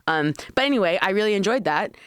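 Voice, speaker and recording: A woman hosting a casual podcast, chatty and quick to laugh, with casual swearing. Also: mid-range voice, expressive, clear, resonant tone, dry recording, clean studio sound. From Washington State. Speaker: podcast host, cannabis consultant.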